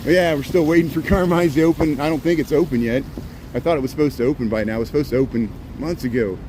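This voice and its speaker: Man, casual walking commentary, rambling, sarcastic, outdoors, phone mic, clear traffic noise. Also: on the high side, quick pace, mellow. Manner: rambling, chatty, sarcastic asides. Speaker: walking tour vlogger. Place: outdoors on city streets. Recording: street noise and passing traffic.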